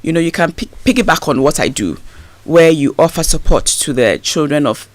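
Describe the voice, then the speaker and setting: A woman's voice: low voice, brisk, no echo. A woman, a guest telling a personal story in a radio interview, acting out what people said. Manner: animated storyteller acting out quoted speech.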